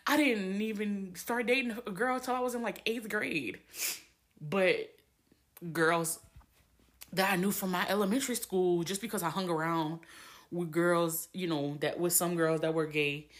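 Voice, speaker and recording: Young adult woman, lowish voice, candid solo podcaster, emotional and unpolished. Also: steady tone, a little slow. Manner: candid, emotional, rambling with restarts and profanity. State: a little teary. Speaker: podcast host. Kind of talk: personal monologue.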